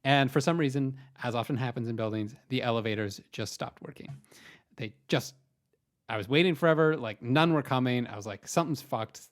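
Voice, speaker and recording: A young man co-hosting a podcast rambles hesitantly through a self-deprecating comedic story. His voice sits at a medium pitch and moves fairly quickly.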